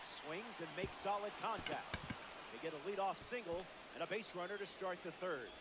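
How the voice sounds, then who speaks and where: A man voicing a baseball video game's play-by-play announcer, making brisk, matter-of-fact calls. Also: high-pitched, natural voice. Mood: calling plays. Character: male baseball game announcer, steady and businesslike. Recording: stadium crowd noise behind. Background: loud stadium crowd.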